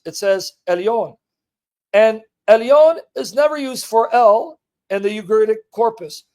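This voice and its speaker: A male livestream host, his voice sitting high and a little mellow, speaks in an animated but slightly slow way. He reads a passage aloud and gives live commentary and teaching, posing emphatic rhetorical questions to his audience.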